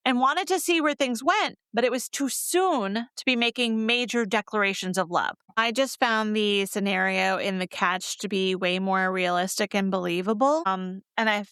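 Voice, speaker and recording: A woman's voice: medium pitch, normal speed, hardly any pauses, fairly bright tone, clear, resonant tone, dry recording, clean studio sound. A woman co-hosting a romance book podcast, chatting candidly and laughing easily. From North Carolina. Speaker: podcast co-host reviewing romance novels. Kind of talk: casual chat.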